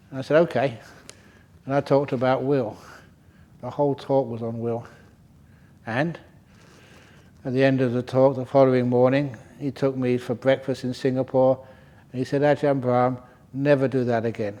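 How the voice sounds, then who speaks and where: An older man gives a Dharma talk to a retreat group. He tells stories with a light, joking touch and often breaks into chuckles. His voice sits at a moderate pitch. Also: flat delivery, normal speed, long pauses, dark tone. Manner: humorous storytelling, chuckles often. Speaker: meditation teacher. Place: retreat centre hall.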